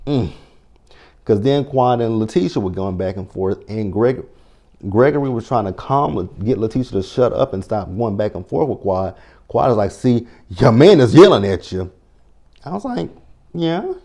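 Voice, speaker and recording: A man with a lowish, dark-toned voice recaps a reality TV show in casual commentary. He's sassy, blunt and profane, quoting his own reactions along the way.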